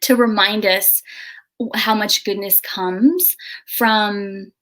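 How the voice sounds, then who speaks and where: A middle-aged woman hosting a casual video chat, telling a story in an animated way with halting restarts. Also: medium pitch. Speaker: host.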